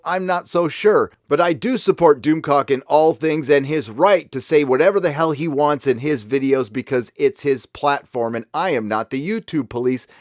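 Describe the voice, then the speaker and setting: A man's voice: fairly high pitch, dry recording, studio quality. A man hosting opinionated fan commentary, talking in a sarcastic, emphatic way. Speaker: YouTube commentary host.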